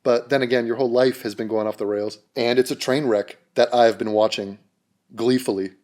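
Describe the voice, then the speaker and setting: A man's voice: medium pitch, fairly even intonation, brisk, darkish tone. A man delivering a mocking, sarcastic vlog rant straight to camera. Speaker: YouTuber.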